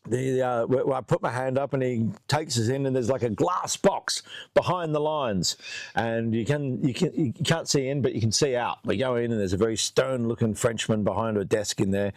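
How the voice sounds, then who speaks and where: A man's voice: mid-range voice, dry recording. A man hosting a casual chat, telling a long funny story with lots of laughing. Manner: animated storyteller doing voices, laughs often. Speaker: host. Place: outdoors under a tree.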